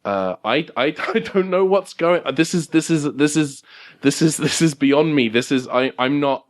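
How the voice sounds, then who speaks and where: A man's voice: on the high side, voice pushed up. A man voicing an overwhelmed character who stammers as he breaks down, in a tabletop game. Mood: despairing. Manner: halting, stammering.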